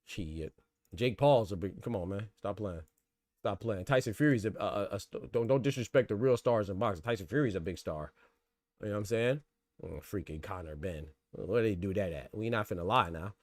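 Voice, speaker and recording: A man's voice: lowish voice, expressive, fairly quick, dry recording. A man ranting in live boxing commentary, heated and slangy, often repeating words. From United States.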